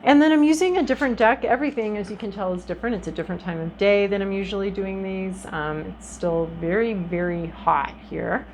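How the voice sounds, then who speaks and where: A woman's voice: mid-range voice, brisk, few pauses, darkish tone, a little hiss or hum, low-quality recording. A woman giving a casual tarot reading to her viewers, talking in a chatty, reflective way with frequent ums and restarts. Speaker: tarot reader.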